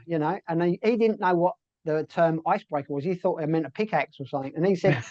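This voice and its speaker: This interview guest is a middle-aged man with a British accent and a warm voice on the high side, speaking quickly. He's a chatty storyteller, packing his casual interview answers with fillers and restarts. There's no room sound, and the audio is dull.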